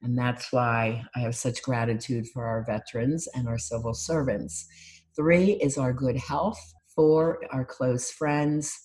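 A woman life coach giving a calm, instructive talk on gratitude and mindfulness, listing things one by one. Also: rumbling low, measured pace. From United States.

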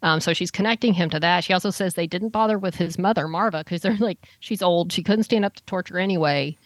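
A chatty woman with a lower voice talks through an episode in a loose, rambling way. She restarts her sentences often. The sound is close and dry, with no room around it. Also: fast talker, dry recording. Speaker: podcast host recapping a TV episode. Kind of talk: casual chat.

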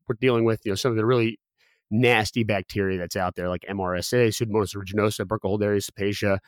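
A man's voice: fairly low pitch, dry recording, clean studio sound. A young man telling a personal story as a guest, candid and full of fillers and restarts.

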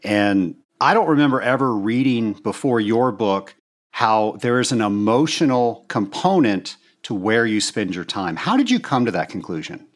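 A man's voice: lowish voice, expressive, moderate pace. A man hosting an interview, asking questions in a curious, inquisitive way. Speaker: interview host. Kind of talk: conversational interview.

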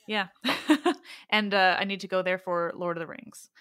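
A woman's voice: mid-range voice, measured pace, a bit bright, smooth, no echo, clean studio sound. Laughing bubbly woman podcast host. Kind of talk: casual chat.

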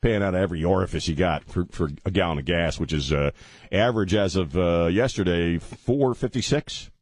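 A man's voice: sits low, moderate pace, dry recording, studio quality. A man hosting a talk radio show, giving mocking, sarcastic political commentary and laughing at his own jokes.

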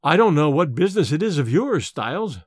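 A man voicing a young medical student who speaks calmly and dismissively, in an audiobook reading. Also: on the high side, brisk, no room sound. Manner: calm, dry, dismissive. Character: young male medical student, cool and skeptical.

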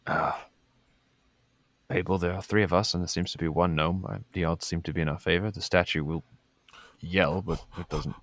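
A man playing a tabletop game, speaking formally and in a measured way in character. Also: low-pitched, steady tone, dry recording. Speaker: player.

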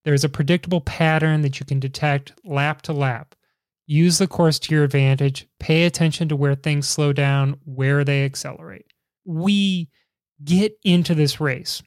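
A male podcast host with a somewhat high voice speaks in a measured, earnest way. The recording is dry and close. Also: fairly even intonation, dry recording. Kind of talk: hosting a cycling podcast.

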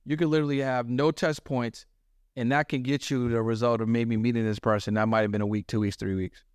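A man speaks casually on a podcast, leaning on slang and emphatic repeats. His voice sounds smooth and resonant, close to the mic in a dry, dead room. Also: medium pitch, steady tone, a little fast, no room sound. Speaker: podcast guest. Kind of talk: casual conversational interview.

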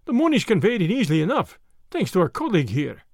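Narrator doing an irish rebel, rich voice, pushy, swings up and down a lot. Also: male voice, high voice, wildly swooping pitch, fast talker, creaky, a little mellow, no room sound, studio quality, exaggerated voice. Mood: matter-of-fact.

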